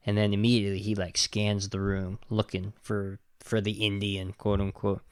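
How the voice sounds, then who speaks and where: A man hosting a podcast, casually retelling a film plot in an animated, indignant way. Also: on the low side, moderate pace, clear, resonant tone, dry recording, studio quality. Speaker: podcast host reviewing a film. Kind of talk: casual film review chat.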